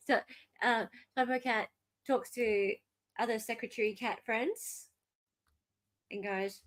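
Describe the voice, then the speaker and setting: A woman with an Australian accent hosts a live stream, chatting playfully with viewers in casual live commentary. Her voice is a little high and a bit bright, and she speaks at a slow pace.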